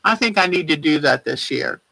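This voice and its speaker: A woman's voice: sits low, expressive, fairly quick, vocal fry, bright, forceful tone, breathy edge, poor audio. A woman hosting a casual quilting livestream, chatty and gushing with praise as she shows viewers' work by name. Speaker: quilting show host. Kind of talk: casual livestream show-and-tell.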